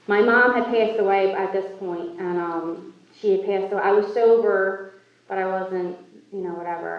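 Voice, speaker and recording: A woman speaking at a recovery meeting, telling her own story in a candid, self-mocking way. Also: mid-range voice. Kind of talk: personal recovery story talk. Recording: echoey hall, far from mic, muffled.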